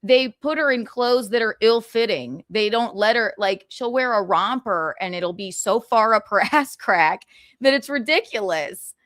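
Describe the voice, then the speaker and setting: Woman, gossip stream host, animated pitch, dry close sound, tired but chatty. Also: unhurried, dry recording. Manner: chatty, giggly, tired asides. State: exhausted. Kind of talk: casual chat.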